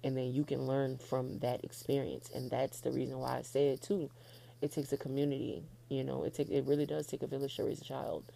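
A woman's voice: a bass voice, little pitch movement, a little fast, gravelly, mellow. A woman hosting her own podcast in a casual, frank solo chat, laughing often and getting emotional. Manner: heartfelt, gets emotional. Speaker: podcast host.

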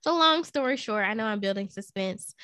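A young woman co-hosting a podcast, telling a story in casual chat, animated and often laughing. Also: fairly high pitch, no echo, clean studio sound. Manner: animated, laughing, quotes people in put-on voices. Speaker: podcast co-host.

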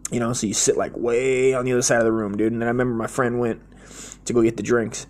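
A man with a gravelly, fry-tinged voice at an ordinary middle pitch, talking through a crude comic monologue. He rambles loosely and keeps dropping in "dude" and "man". His tone is blunt, slangy and joking throughout. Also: quick pace, a little mellow. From United States. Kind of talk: profane comedic monologue.

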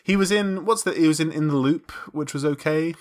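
A man's voice: a little high, brisk. A man co-hosting a podcast, chatting casually with swearing and jokes. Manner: sweary, joking, lively. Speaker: podcast co-host.

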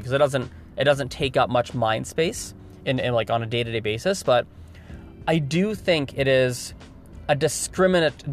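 Male vlogger, casual monologue, emphatic with lots of restarts. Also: mid-range voice. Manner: emphatic, repeats words, restarts often. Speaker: video host.

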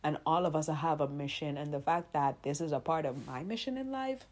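A woman hosting a faith podcast, talking straight to her listeners, earnest and emotional, close to tears, sometimes rising loud and sometimes dropping to a whisper. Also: low voice, fairly quick. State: tearful. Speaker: podcast host.

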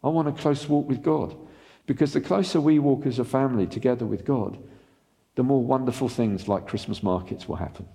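A man preaching a sermon as pastor, animated and asking the congregation rhetorical questions. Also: medium pitch, a little fast, gravelly, long reverb tail.

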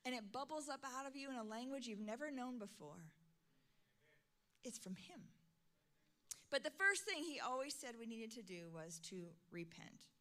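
A middle-aged woman pastor preaching a sermon, swinging from soft, intimate lines to loud, emphatic calls. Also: on the high side, expressive, moderate pace.

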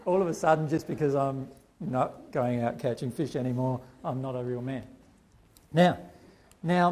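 A man's voice: on the high side, mellow. A man giving a conversational spiritual talk to a group, often putting rhetorical questions to his listeners. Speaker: spiritual teacher.

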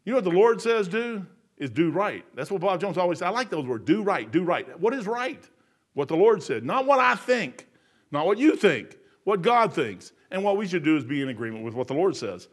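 A man's voice: sits high, brisk. A man, preaching a sermon in a folksy, storytelling way. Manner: folksy, storytelling, gets loud and animated telling jokes.

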